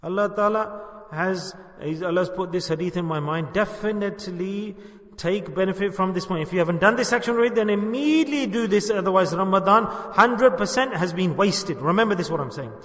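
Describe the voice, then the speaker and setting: Male preacher, high-pitched, earnest and emphatic, long hall reverb. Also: a little fast, a bit bright. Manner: earnest, repeats for emphasis, asks the audience questions. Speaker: religious teacher. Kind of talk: sermon.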